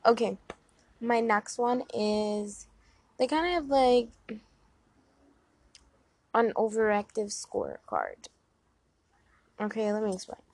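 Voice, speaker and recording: A woman's voice: fairly high pitch, big pitch swings, slow pace, long pauses, a little mellow. A young woman giving relationship advice in a casual, earnest way to her viewers, with lots of filler words. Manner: chatty, earnest, many "like" fillers. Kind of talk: casual talk to camera.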